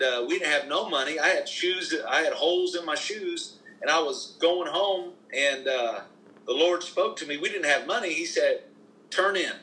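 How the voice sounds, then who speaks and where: A middle-aged man, a minister, telling faith stories in an animated, emphatic preaching style as a podcast guest. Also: a little high, rough recording. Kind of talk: conversational preaching testimony.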